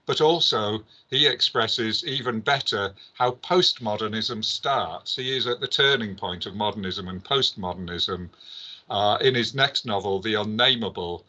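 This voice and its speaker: Bright-voiced man giving an academic talk. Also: on the low side, muffled recording. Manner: hesitant, many filler pauses. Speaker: conference speaker.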